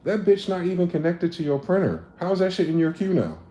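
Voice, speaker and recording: A man casually riffing on a livestream, profane and animated, acting out both sides of conversations. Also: high-pitched, a little fast. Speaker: livestream host. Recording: echoey room with faint ambient noise.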